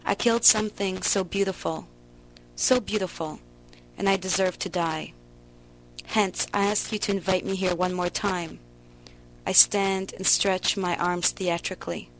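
Woman reading her story real slow and dramatic, lowish voice, faint hum behind. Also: steady tone, poor audio. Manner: slow, emotional, theatrical delivery.

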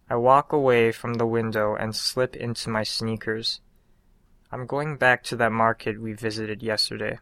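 A man reading his own short story aloud in a calm, unhurried storytelling manner. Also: on the low side, smooth, no room sound. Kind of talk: scripted narration of a short story.

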